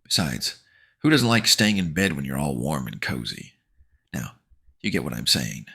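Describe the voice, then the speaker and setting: A man with a very deep, gravelly voice narrates a horror-comedy audiobook in the first person. He talks as a sarcastic, slangy teenage boy, and his husky tone swings widely up and down. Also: animated, normal speed, sharp tone. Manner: sarcastic slangy teen banter.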